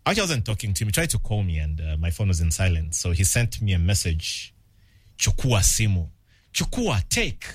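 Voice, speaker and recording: Lively radio DJ, man. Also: deep voice, quick pace, hardly any pauses, dry recording. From Uganda. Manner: playful, jokey, lively delivery. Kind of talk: radio show patter with live ad read. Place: radio studio. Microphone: studio microphone.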